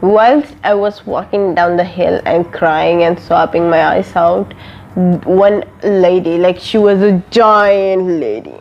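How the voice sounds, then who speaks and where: Slow, rambling young woman telling a story. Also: lowish voice, creaky, muffled recording. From an Arab country. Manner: rambling, filler-heavy, many "like"s and restarts. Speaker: vlogger. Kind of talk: casual storytime.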